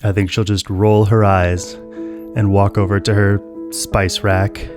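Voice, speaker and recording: A man's voice: lowish voice, level tone, slow pace, over music. A man narrating as game master of a tabletop role-playing game, playful and teasing with the players.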